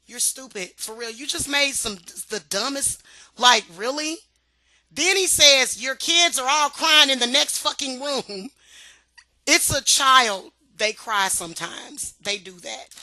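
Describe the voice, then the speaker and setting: A woman with a fairly high, piercingly sharp voice rants to camera on her own vlog, confrontational and profane. She drips sarcasm and hammers her points by repeating them. The sound is dry and close. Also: no room sound. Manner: repeats herself for emphasis. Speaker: vlogger. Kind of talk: heated ranting vlog.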